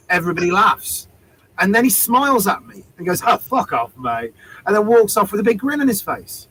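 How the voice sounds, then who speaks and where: A man, a street performer, telling a story in casual chat, animated and acting out both sides of an exchange. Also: high voice, slight background noise, rough recording.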